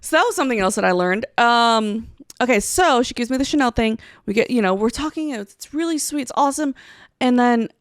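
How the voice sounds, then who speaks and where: A woman co-hosting a podcast, telling a story in casual chat, animated and swearing as she acts out quotes. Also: on the high side, brisk, dry recording, studio quality. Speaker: podcast co-host.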